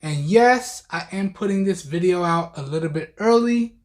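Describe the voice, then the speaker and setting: A man's voice: high-pitched, expressive, moderate pace. A man in a casual tech review, talking right at his viewers in a loose, chatty way. His voice sounds tired and a bit worn, but he keeps things easygoing and conversational. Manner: chatty, addresses viewers directly as y'all.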